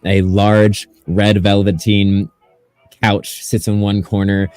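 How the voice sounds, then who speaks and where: A man acting as game master, narrating a tabletop game in a relaxed way full of fillers. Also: fairly low pitch, slow pace, smooth, no echo.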